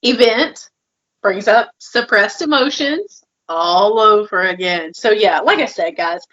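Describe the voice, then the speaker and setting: A woman's voice: mid-range voice, slow pace, fairly bright tone, highs cut off. A woman co-hosting a podcast, talking openly and with feeling about her own struggles, often using "like". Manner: open, emotional, heavy filler "like". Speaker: podcast co-host. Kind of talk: candid personal conversation.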